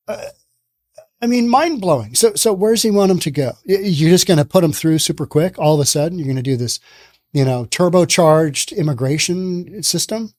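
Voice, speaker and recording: A man hosts his own opinion podcast, ranting with heavy sarcasm. His voice sits a bit high and swoops up and down a lot as he gets worked up. The sound is dry and close, with no room around it. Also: animated, moderate pace, darkish tone, dry recording. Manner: sarcastic, ranting, mocks others in put-on voices. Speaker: podcast host. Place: based in the Pacific Northwest.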